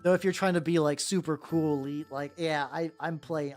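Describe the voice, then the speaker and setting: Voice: medium pitch, fairly even intonation, normal speed, faint music behind. A streamer chatting casually while painting miniatures, rambling with lots of "like" fillers and restarts, answering chat as they go.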